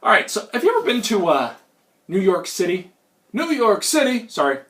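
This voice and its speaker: A man's voice: sits high, big pitch swings, brisk, fairly bright tone. A young man from Minnesota who is getting over a cold and has a sore throat, telling a rambling, self-mocking comic magic story at home with many ums and uhs. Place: at home, indoors.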